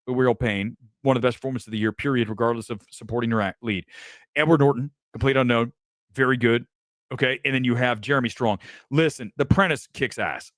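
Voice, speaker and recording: A man's voice: dry recording, clean studio sound. A man hosting a film talk show, ranting with brash, boastful and profane opinions. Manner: brash, boastful, profane, animated swings of pitch. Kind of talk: opinionated live stream rant.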